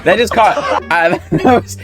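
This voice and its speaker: A man's voice: high voice, a little slow, music in the background. A man doing casual reaction commentary on funny videos, laughing often and repeating short exclamations.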